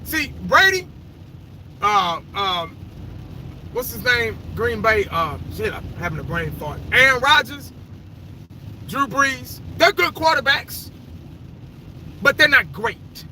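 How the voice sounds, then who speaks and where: A man's voice: very high voice, very animated, takes it slowly, long pauses, sharp tone, slight background noise, rough recording. A man giving his casual, opinionated take on football greats, swearing freely and rambling as he goes. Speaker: fan vlogger. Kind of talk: casual sports opinion rant.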